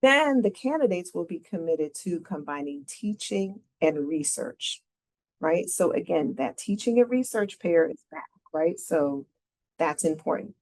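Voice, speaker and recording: A woman's voice: on the low side, animated, a little slow, darkish tone. A middle-aged woman leading a careers workshop, walking through slides in a conversational way and often checking in with "right?". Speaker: career advisor presenting a workshop.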